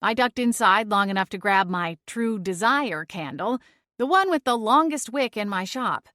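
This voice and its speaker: A woman narrating a first-person audiobook in an even, measured storytelling voice. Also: mid-range voice, no echo, studio quality.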